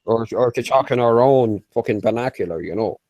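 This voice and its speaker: A man's voice: mid-range voice, a little fast, darkish tone, dry recording. A man chatting casually in an online voice room, swearing freely, laughing a lot and rambling with restarts. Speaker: chat room regular. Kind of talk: casual online group chat.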